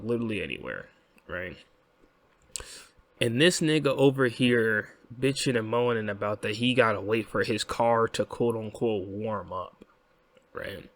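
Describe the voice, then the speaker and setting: A man's voice: mid-range voice, a bit bright, dry recording. Rambling young man, dry voice. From United States. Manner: rambling, frequent "right?", swearing. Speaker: host. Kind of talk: casual commentary vlog.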